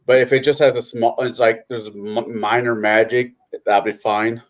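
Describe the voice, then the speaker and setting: A man's voice: medium pitch, little pitch movement, normal speed. A man speaking earnestly and a little self-deprecatingly in a casual chat.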